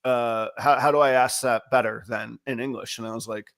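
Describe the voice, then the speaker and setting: A man's voice: medium pitch, steady tone, normal speed, creaky, fairly bright tone. A man hosting a podcast, telling candid, self-deprecating work stories and acting out the quotes in them. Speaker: podcast host. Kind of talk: casual chat.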